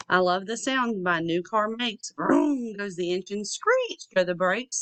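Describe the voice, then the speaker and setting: A woman reading a children's picture book aloud in a friendly, expressive way. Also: mid-range voice, a little slow, hardly any pauses, no room sound. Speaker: storyteller.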